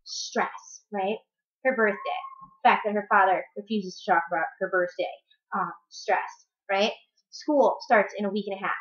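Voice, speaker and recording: A woman's voice: mid-range voice, fairly even intonation, moderate pace. Heated, profane young woman ranting. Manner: heated, blunt and profane, repeats words for emphasis. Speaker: vlogger. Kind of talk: ranting vlog monologue. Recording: muffled echoey room recording.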